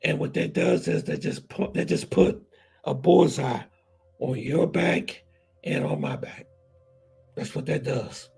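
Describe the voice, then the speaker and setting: A man's voice: on the high side, unhurried, creaky, darkish tone, breathy edge, faint music behind, low-quality recording. A man hosting a casual livestream, talking straight to his viewers and chat, repeating himself for emphasis. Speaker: vlog host.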